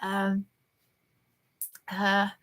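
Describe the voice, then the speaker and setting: A woman streaming from a hotel room, chatting with her viewers in a rambling, halting way and answering their comments as they come in. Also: mid-range voice, monotone, fairly bright tone. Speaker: livestreamer. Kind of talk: rambling live chat to viewers.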